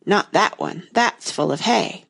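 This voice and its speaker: A woman's voice: lowish voice, lively intonation, measured pace, vocal fry, fairly bright tone, heavily acted. A woman voicing a nervous, fussy old king in a storybook, with a quivering manner.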